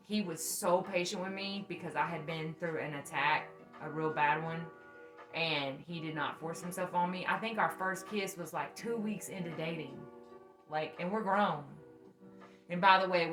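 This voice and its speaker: A young woman co-hosting a podcast chats candidly, laughing and swearing freely as she tells stories. Her voice is low-pitched and moderately paced, recorded in an echoey room with faint music.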